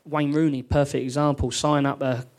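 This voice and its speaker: A man's voice: medium pitch, little pitch movement, moderate pace, darkish tone. A man, a former footballer, telling anecdotes with lots of laughter on a live podcast in a theatre studio.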